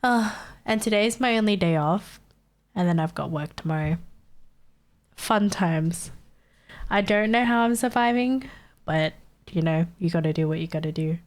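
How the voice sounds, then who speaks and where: A woman's voice: on the low side, moderate pace, pauses often. Congested young woman chatting on stream. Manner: chatty, answering chat, sniffly. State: congested, sore throat. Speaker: live streamer. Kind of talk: casual live-stream chat.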